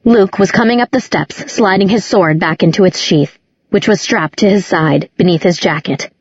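A woman reading a dark fantasy novel aloud as scripted storybook narration, in a measured, dramatic way. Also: medium pitch, slightly rough, no room sound. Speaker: audiobook narrator. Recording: dull lo-fi audiobook recording.

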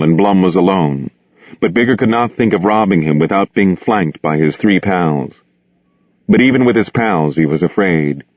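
A man narrating a novel aloud in a steady, measured, grave manner. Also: low-pitched, dry recording. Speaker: audiobook reader. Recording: dull, dry close recording.

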